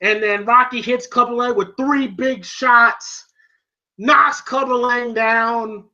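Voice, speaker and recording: Excitable male reviewer, bright edgy voice, curses freely, dull lo-fi sound. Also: very high voice, takes it slowly. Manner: excitable, profane, heavy on fillers. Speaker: film reviewer. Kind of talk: casual film review vlog.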